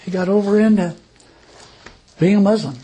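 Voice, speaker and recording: A man's voice: sits high, moderate pace, warm tone. A man preaching a sermon, telling stories in a folksy, chuckling way. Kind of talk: sermon with personal storytelling.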